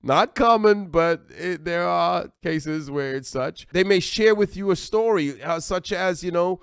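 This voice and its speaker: A man with an American accent preaching a sermon as pastor, animated and acting out little everyday dialogues. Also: sits high, a little slow, vocal fry, few pauses, clear, resonant tone, no room sound, clean studio sound.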